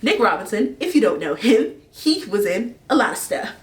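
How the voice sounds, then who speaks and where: A woman's voice: fairly high pitch, big pitch swings, moderate pace, far from the mic. A young woman vlogging in a casual, rambling, gushing way, laughing often as she talks about a book's characters. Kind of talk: casual fan casting chat.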